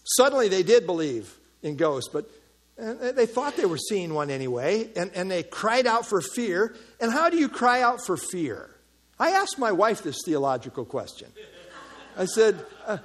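This is a male pastor giving a verse-by-verse sermon. His voice sits high and swings widely in pitch. He stays animated and playful, mixing teaching with jokes for his listeners. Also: normal speed. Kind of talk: expository sermon.

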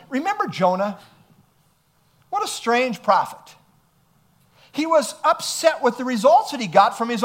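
A man's voice: very high-pitched, fairly bright tone. A male pastor preaching an emphatic sermon, reading scripture aloud and asking rhetorical questions.

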